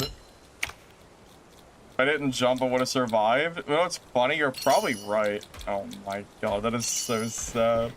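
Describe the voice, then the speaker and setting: A man streaming a game live, chatting with viewers in an animated, exasperated way with sudden exclamations. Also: background noise. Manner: animated and exasperated, quick exclamations with big pitch jumps. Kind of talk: live gameplay stream chat.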